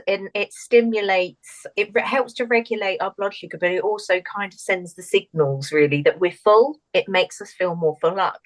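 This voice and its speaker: A woman's voice: on the low side, rough recording. A woman co-hosting a casual podcast, laughing often and tripping over her words. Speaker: podcast co-host. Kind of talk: casual chat.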